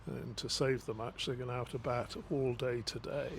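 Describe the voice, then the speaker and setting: Gravelly-voiced man giving calm cricket analysis. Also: medium pitch, moderate pace, a little hiss or hum. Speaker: co-commentator. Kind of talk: radio cricket commentary. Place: radio commentary booth.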